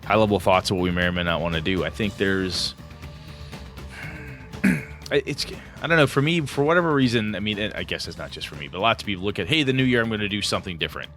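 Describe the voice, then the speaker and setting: A man co-hosting a casual podcast chat, excitable and rambling, with many fillers and restarts. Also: fairly low pitch, quick pace, soft background music. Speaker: podcast co-host.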